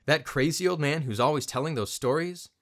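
A man voicing an eager young son, high and hesitant. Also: brisk, fairly bright tone. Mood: curious. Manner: hesitant, questioning.

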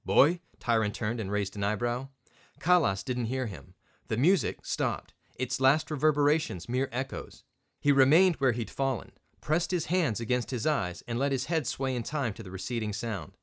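A man reads a story aloud as an audiobook narrator, with a mid-pitched voice. His reading is expressive and animated, with a wide, lively melody. The narration is steady and scripted. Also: normal speed.

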